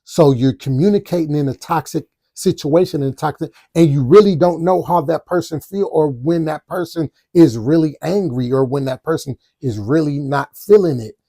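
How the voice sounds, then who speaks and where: Gravelly-voiced man telling a story. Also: a little high, normal speed, hardly any pauses, dry recording, studio quality. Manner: animated, with spoken sound effects. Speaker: podcast host. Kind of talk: casual storytelling.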